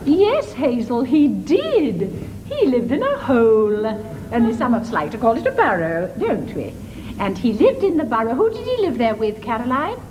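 A woman's voice: fairly high pitch, sing-song, normal speed. A woman doing a sugary, patronizing nursery teacher. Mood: condescending. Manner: sing-song, condescending, over-sweet. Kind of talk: comedy sketch acting. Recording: live stage recording in a hall, noisy.

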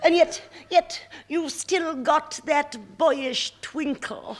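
A woman's voice: high-pitched, takes it slowly. A woman voicing a gushing wife meeting her estranged husband in an old comedy sketch.

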